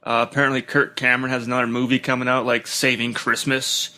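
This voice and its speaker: A man on a podcast, rambling through jokes in loose, casual chat. His voice is bright and crisp, sitting at a middle pitch. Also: flat delivery, quick pace. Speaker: podcast co-host.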